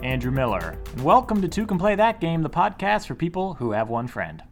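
A man's voice: fairly high pitch, big pitch swings, fairly quick, soft background music. A man co-hosting a casual podcast chat, teasing his partner and laughing along. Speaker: podcast co-host.

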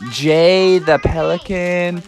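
A young woman telling an improvised storybook adventure to children in a lively, playful way. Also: on the low side, slow pace.

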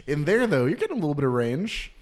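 A man's voice: a little high, very animated, quick pace. Man teasing in casual chat. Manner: blunt, teasing, critiquing. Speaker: podcast co-host.

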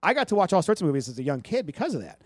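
Lively high-voiced man telling a story. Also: racing, husky, no echo, studio quality. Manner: animated storyteller who acts out voices. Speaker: movie podcast co-host. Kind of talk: casual storytelling chat.

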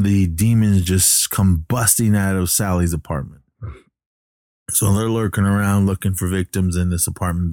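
A deep-voiced man recaps a movie in a loose, rambling way, full of pauses and restarts. The sound is dry and close, with almost no room in it. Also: darkish tone, no room sound. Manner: rambling, hesitant, many fillers and restarts.

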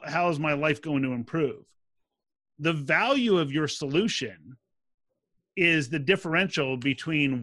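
A man's voice: on the high side, dry recording. A man answering interview questions as a sales expert, explaining methods and acting out quoted dialogue. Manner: animated, acts out quoted dialogue.

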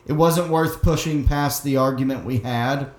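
A man hosting a podcast in loose, joking banter, quick to laugh. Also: medium pitch, reverberant. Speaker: podcast host. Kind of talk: casual banter.

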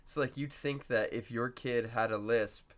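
Young dude on a podcast, rambles, says like a lot. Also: male voice, mid-range voice, steady tone, a little slow. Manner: rambling, lots of "like" fillers. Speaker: podcast co-host. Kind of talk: casual chat.

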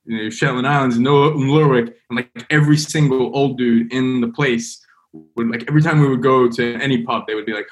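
A man, a podcast guest, telling a story in a casual, animated way, with lots of fillers and restarts. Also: medium pitch, brisk. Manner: animated, rambling, heavy on fillers.

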